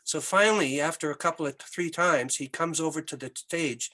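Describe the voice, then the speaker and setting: An older Canadian man, a musician guest, telling animated anecdotes in an interview with many restarts. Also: fairly high pitch, normal speed. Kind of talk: storytelling interview.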